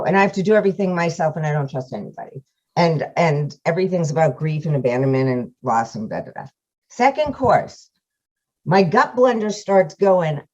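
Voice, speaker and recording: A woman giving a frank, profane, self-mocking and emotional testimonial about a course over a video call. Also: fairly low pitch. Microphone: computer camera mic on a video call. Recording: muffled video-call audio.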